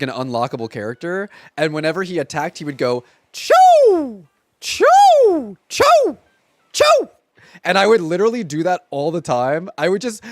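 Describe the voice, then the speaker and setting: A man's voice: fairly high pitch, dry recording. A man in his thirties chatting casually on a live stream from home, rambling along with lots of filler words.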